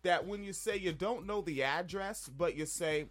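High-voiced man telling a story. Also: moderate pace, faint music behind. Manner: profane, animated storytelling. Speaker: podcast co-host. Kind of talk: casual chat.

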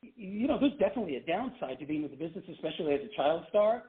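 A middle-aged man from Canada who tells stories in an animated way and laughs often. His voice sits high for a man. The sound is narrow and tinny, like it came down a phone line. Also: racing. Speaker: guest, former child pop singer. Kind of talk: casual interview storytelling.

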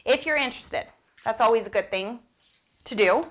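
A bubbly young woman co-hosting a radio show, chatting in a loose, giggly, playful way. Her voice sits a little high for a woman. The sound is thin and tinny, like it is coming over a phone line. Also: animated, moderate pace. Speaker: radio co-host. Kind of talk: casual radio chat. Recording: tinny phone-like broadcast audio.

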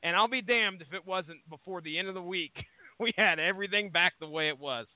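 High-voiced man on a tinny line. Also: a little fast, dry recording. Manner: rambling, swears freely. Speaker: podcast co-host. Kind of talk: casual profane chat. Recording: tinny phone-like line, dry.

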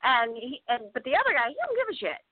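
A woman guest in a casual interview, telling a profane story in an animated way. Her fairly high voice swoops up and down. The sound is dry and tinny, like a phone line. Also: fast talker, husky, dry recording. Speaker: actress guest.

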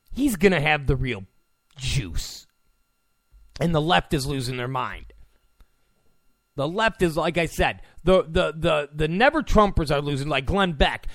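A man's voice: fairly high pitch, a bit bright, dry recording, studio quality. A man hosting a political commentary show, delivering a combative rant and repeating phrases for emphasis. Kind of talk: ranting political monologue.

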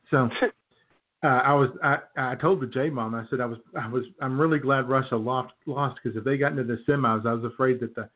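A man's voice: mid-range voice, steady tone, a little fast. A man co-hosting a podcast in casual chat, sardonic and chuckling, with lots of fillers. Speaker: podcast co-host. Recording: phone-like narrow band.

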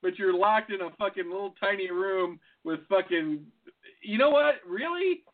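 A man co-hosting a casual podcast, talking loose and profane with frequent laughs. His voice sits a little high for a man. It comes through thin and tinny, like a phone line. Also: lively intonation, normal speed. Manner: loose, swearing, laughing often. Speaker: podcast co-host. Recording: phone-like lo-fi sound.

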